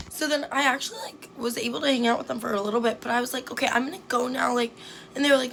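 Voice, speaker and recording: A young woman with a slightly high voice telling a personal story straight to her viewers. She is chatty and quick, full of "like," and acts out what everyone said, with faint room noise behind her. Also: fairly even intonation, gravelly, sharp tone. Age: young adult. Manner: chatty, fast, heavy use of "like", acts out quotes. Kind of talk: casual storytime chat.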